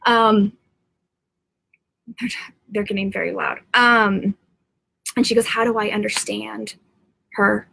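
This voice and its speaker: A woman's voice: medium pitch, steady tone, slow pace, vocal fry, long pauses, sharp tone, husky. A middle-aged woman, a psychic medium, talking to viewers from home in a rambling, earnest live-stream monologue.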